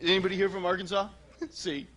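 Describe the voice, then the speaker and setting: A comic from Michigan with a thin, helium-high voice. He jokes and laughs his way through a stand-up bit and talk-show banter on a television set. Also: expressive, brisk, bright, forceful tone. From Michigan, USA. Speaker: stand-up comedian and guest. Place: television studio stage.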